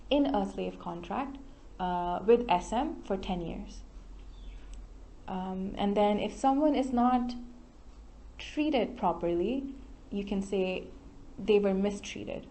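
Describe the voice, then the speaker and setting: A woman's voice: mid-range voice, gravelly, dark tone. A woman tutoring an English discussion group, giving patient, explanatory feedback with many fillers. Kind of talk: spoken feedback to a study group.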